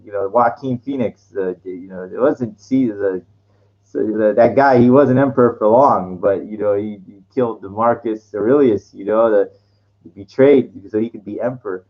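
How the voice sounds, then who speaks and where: A man's voice: fairly low pitch, normal speed, dull audio. A man talking casually to his vlog audience, rambling through fillers and restarts and laughing at his own jokes. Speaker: vlogger.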